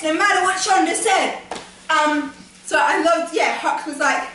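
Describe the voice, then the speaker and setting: High, bright-voiced gushing woman, echoey room. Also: normal speed. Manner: gushing, rambling, often laughing and trailing off. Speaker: vlogger reviewing a TV episode. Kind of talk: excited casual fan review. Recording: echoey room from far off, faint noise.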